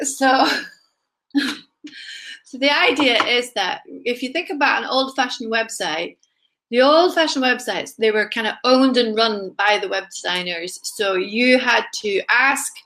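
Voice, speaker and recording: A woman with a mixed Scottish accent co-hosting a casual chat, talkative and quick to laugh. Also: fairly high pitch, lively intonation, a bit bright, low-quality recording. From England. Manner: chatty, laughs often, picks up other accents. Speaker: co-host.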